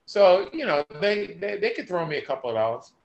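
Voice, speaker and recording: Brash, high-voiced man in echoey room. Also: very animated, a little fast, creaky, muffled recording, a little hiss or hum. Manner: brash and profane. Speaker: podcast guest. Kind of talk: casual podcast chat.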